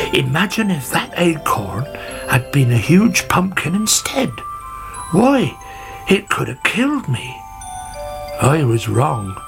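A man voicing a fussy, conceited old male gardener with grumbling exclamations, over background music. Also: medium pitch. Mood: rueful. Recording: music playing under the voice.

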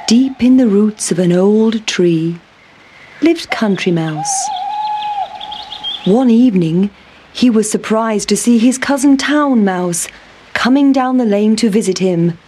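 A woman calmly reading a children's story. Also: mid-range voice, over music. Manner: calm, measured. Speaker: narrator.

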